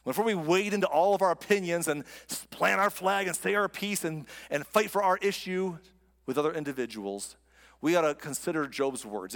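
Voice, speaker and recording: A pastor preaching a sermon in a conversational, emphatic way, using rhetorical questions. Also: male voice, on the high side, normal speed, a bit bright. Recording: long hall reverb.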